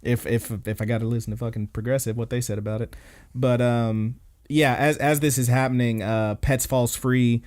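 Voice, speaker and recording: Brief: a male podcast host with a middle-pitched voice, casually recapping anime with profanity. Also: normal speed. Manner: profane, excited retelling of scenes.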